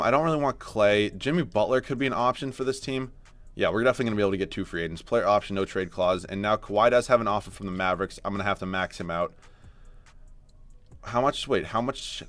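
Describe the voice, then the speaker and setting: A man's voice: on the low side, quick pace, a bit bright, soft background music. A young man commenting on his own sports video game, frustrated and self-mocking, then pushing himself to sound upbeat. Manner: frustrated and self-mocking, swinging to forced cheer. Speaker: gaming YouTuber.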